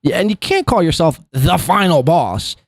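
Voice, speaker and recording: A man's voice: a little high, expressive, normal speed, dry recording, clean studio sound. A man hosting a live podcast, rambling through clip commentary with lots of fillers and laughs. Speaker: podcast host.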